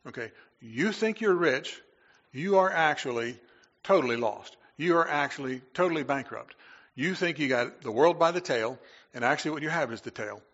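A pastor giving a Sunday sermon, reading scripture and then explaining it in a relaxed, joking way with frequent fillers. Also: male voice, fairly high pitch, moderate pace. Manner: conversational preaching with fillers and humor. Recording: echoey hall, dull lo-fi sound.

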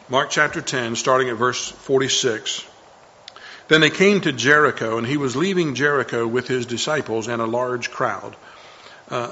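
Earnest man preaching, bright voice. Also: medium pitch, dull audio, a little hiss or hum. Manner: earnest, conversational, often restarts and repeats lines. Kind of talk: sermon.

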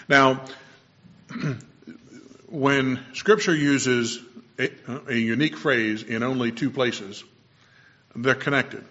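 A man's voice: medium pitch, fairly bright tone. Conversational male preacher, dull lo-fi sound. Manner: explanatory, with personal asides and self-corrections. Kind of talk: conversational sermon.

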